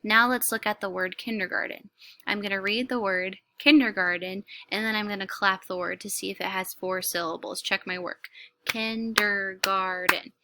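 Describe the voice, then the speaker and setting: A woman teacher giving a clear, step-by-step lesson to young students, sounding out words slowly. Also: medium pitch, steady tone, pushed and bright, no room sound. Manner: slow, clear, instructive, stretches words to clap syllables. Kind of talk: classroom lesson explanation. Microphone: recorded lesson video.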